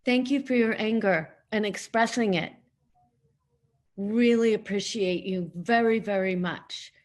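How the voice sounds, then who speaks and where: Brief: mid-pitched woman as committee chair, soft and a bit halting. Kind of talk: chairing a hearing. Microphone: remote video call.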